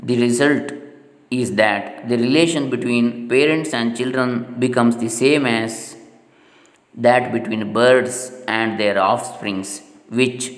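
A man reading a spiritual text aloud in a slow, measured, solemn way. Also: mid-range voice. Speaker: reader. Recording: echoey hall with long reverb.

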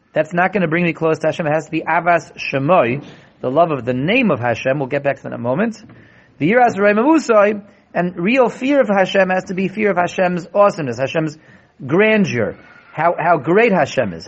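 A young man teaching a lively Torah class, animated, often restarting his sentences and acting out quotes. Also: fairly high pitch. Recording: dull lo-fi classroom recording.

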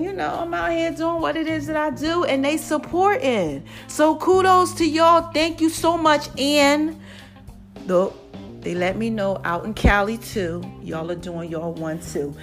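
A woman from South Jersey hosting her own podcast in a casual monologue, playful and sassy, calling her listeners "babies" and herself "Mama". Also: sits high. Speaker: podcast host.

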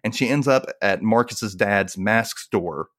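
A man's voice: fairly low pitch, a little slow, a bit bright. A man co-hosting a casual book-recap chat, retelling the plot loosely with lots of "like" and "you know.". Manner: loose, filler-heavy retelling with frequent laughs. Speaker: podcast co-host.

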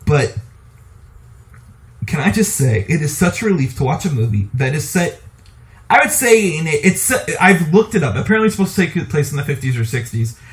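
A man co-hosting a podcast, talking casually about movies in an animated, opinionated way and laughing often. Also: fairly high pitch, brisk. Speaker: podcast co-host.

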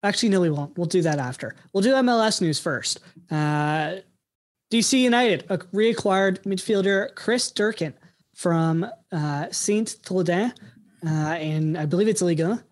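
A man's voice: sits high, lively intonation, moderate pace. A man hosting a casual soccer podcast, talking with many ums and uhs as he moves between segments. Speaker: podcast host.

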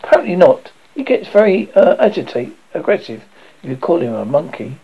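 A man puts on a fussy, nervous bursar who soothes and hedges as he answers. His husky voice sits high and swings about widely. The recording sounds dull and lo-fi. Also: very animated, a little fast, exaggerated voice. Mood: placating. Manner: hesitant, placating, nervous.

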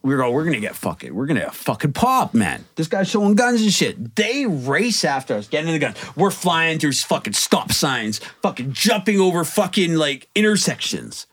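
Middle-aged man, casual storytelling, lively swooping pitch, fairly high voice, swears a lot, does quoted voices. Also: moderate pace, hardly any pauses, slightly rough. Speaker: rapper guest.

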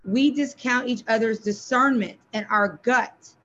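A woman's voice: a little high, measured pace, fairly bright tone, a little hiss or hum. A woman co-hosting a podcast, talking candidly with a friend and acting out quoted lines with animation. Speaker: podcast co-host. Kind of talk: candid conversation between friends. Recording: dull, lo-fi sound.

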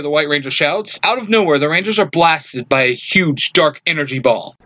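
A young man reading a fan story aloud, lively, shifting his voice for each character. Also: a little high, moderate pace, dry recording. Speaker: fan fiction reader.

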